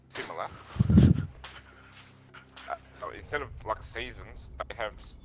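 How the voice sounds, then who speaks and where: A man's voice: lowish voice, a little slow, long pauses, music in the background. A man explaining something in casual chat, hesitant and searching for his words. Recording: distant, noisy mic.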